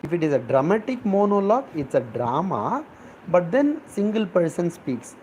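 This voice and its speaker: A man's voice: high-pitched, sing-song, moderate pace, a little mellow, a little hiss or hum, rough recording. A middle-aged man, a professor explaining words for an exam, spelling them out letter by letter. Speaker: English professor. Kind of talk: exam-prep vocabulary lesson.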